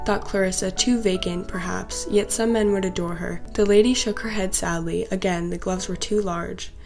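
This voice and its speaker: A young woman, a student, narrating a literary short story in a steady, measured reading. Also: medium pitch, creaky, over music. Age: young adult. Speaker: student reader. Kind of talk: scripted narration.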